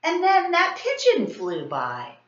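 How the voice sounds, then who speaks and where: Bright, expressive woman reading a storybook. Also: very high voice, slow. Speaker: teacher. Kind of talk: children's story read-aloud. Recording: roomy, slightly dull sound.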